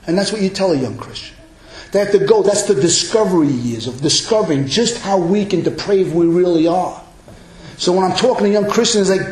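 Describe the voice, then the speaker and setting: A male pastor preaching a sermon, emphatic and building to loud exclamations. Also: high voice, fairly quick, echoey room, rough recording.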